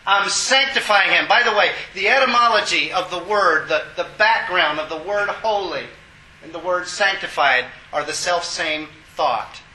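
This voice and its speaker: A man's voice: high-pitched, moderate pace, sharp tone, roomy sound, poor audio. A man preaching a sermon, reading scripture aloud and breaking off to explain it in an emphatic, exclaiming way. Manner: emphatic, exclaiming, chuckles at asides. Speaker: pastor.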